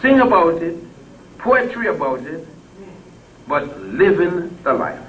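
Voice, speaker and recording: An older man giving an impassioned speech to a crowd, blunt and salty. He swings between loud peaks and low murmurs and chuckles as he tells stories. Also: big pitch swings, slow pace. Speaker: public speaker. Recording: distant mic with faint background noise.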